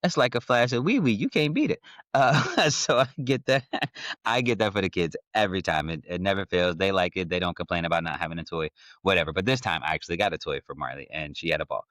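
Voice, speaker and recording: A man hosting a podcast, telling a casual, animated story about his kids with slangy asides to listeners. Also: low-pitched, fast talker, no room sound. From Ohio. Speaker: podcast host.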